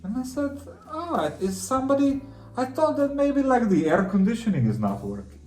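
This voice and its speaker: A man voicing a male comedian with a strong Romanian accent, in a high, halting storytelling voice. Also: very animated, darkish tone. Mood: bewildered storytelling. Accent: Romanian, as put on. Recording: roomy room with faint music.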